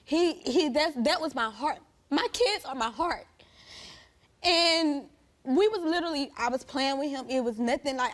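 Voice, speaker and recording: A young woman with a high-pitched voice speaks on a television talk show stage. She is grieving and pleading, and her voice rises into loud accusation. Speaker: guest. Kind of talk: emotional talk show testimony.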